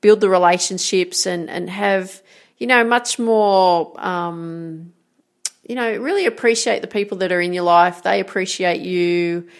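A woman's voice: on the low side, fairly even intonation, measured pace. A woman giving an encouraging motivational talk as a coach, often checking in with "right?". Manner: encouraging, repeats "right?" and "guess what?". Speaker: golf and life coach.

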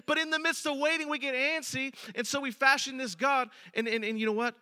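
A male pastor preaching a sermon in a very high, piercingly bright voice. He talks to the congregation in a conversational way. His voice rings with a long reverb in a large hall. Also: a little fast, few pauses.

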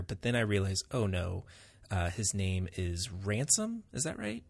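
A man's voice: deep voice, lively intonation, normal speed, breathy edge, no echo. A man co-hosting a casual book discussion podcast, chatty and self-deprecating, laughing easily. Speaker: podcast co-host.

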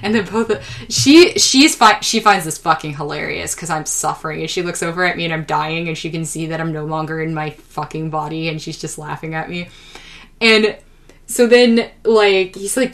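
A woman's voice: fairly low pitch, moderate pace. Exasperated young woman podcast host. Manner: exasperated, profane, animated retelling. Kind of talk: casual comedic storytelling.

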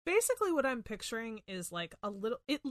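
A woman at a tabletop game describes things in a chatty, meandering way, full of fillers. Her voice has a middle pitch, and the recording is dry and close. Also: sing-song, fast talker, dry recording. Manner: chatty, searching for words, many fillers. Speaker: player. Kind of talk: casual tabletop play.

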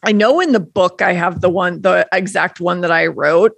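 A middle-aged woman speaking as a podcast guest, telling her story in an expressive, reflective way. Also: fairly low pitch, moderate pace, vocal fry, slightly rough, no room sound. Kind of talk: conversational interview.

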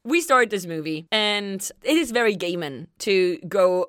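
A woman's voice: medium pitch, expressive, moderate pace, few pauses, no echo, studio quality. A woman co-hosting a podcast in casual chat, reading from her notes and laughing often. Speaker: podcast co-host.

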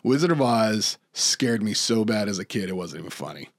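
A man co-hosting a podcast, chatting casually about movies, rambling with lots of restarts and fillers and getting excited as he goes. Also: lowish voice, moderate pace. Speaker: podcast co-host.

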